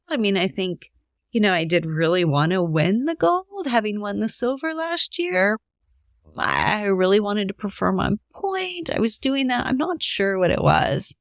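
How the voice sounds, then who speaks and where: A woman's voice: lowish voice, vocal fry, no room sound, studio quality. A middle-aged woman hosting a podcast, telling a candid, emotional personal story with many fillers and asides. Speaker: podcast host.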